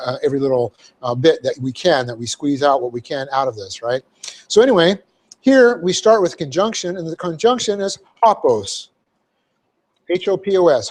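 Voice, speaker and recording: Pastor, male, fairly high voice, explains Greek words step by step with lots of fillers. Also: darkish tone. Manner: methodical, spells out Greek words letter by letter; frequent fillers and "okay?" check-ins. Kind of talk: verse-by-verse Bible teaching. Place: church sanctuary.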